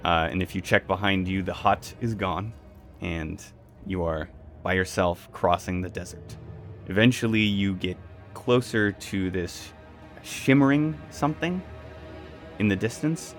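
A man runs a tabletop game, painting each scene in unhurried detail and throwing in sound effects. His voice is low and his pace slow, with faint music behind him. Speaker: game master.

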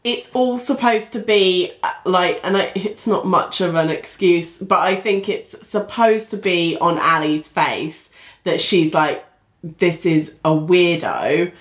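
A woman in casual chat who speaks haltingly and laughs often. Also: on the low side. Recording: echoey room.

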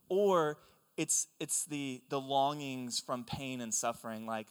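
A young man preaching a sermon, telling stories in an animated, conversational way. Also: medium pitch, slow pace, smooth. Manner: animated storytelling, excitable and conversational. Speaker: pastor. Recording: long hall reverb.

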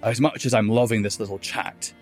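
A man's voice: fairly low pitch, fairly even intonation, brisk, soft background music, lightly acted. A man doing a guilt-ridden dwarf warrior. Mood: earnest.

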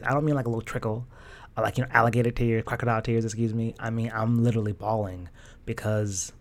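A young adult fashion stylist telling a personal story in a casual, emotional way, with slang and lots of fillers. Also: mid-range voice.

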